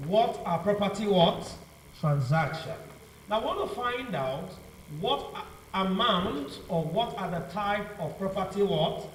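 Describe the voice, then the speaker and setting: A man with a high voice teaches law revision through call-and-response, asking "what?" again and again for students to finish his sentences. There's a little hiss or hum, and the echoey room, faraway mic and faint ambience come through.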